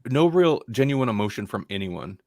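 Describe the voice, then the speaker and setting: A man's voice: fairly low pitch, very animated, normal speed, darkish tone, no room sound. Man chatting on a dry close mic. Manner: rambling, restarts often, puts on dull voices to mock actors. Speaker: podcast co-host. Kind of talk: casual film review chat.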